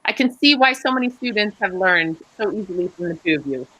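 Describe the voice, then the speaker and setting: A gushing, emotional woman speaks over a video call. Her voice is bright and forceful, at a middle pitch for a woman. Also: expressive, fast. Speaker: wellness coordinator, host. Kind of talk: casual video-call interview.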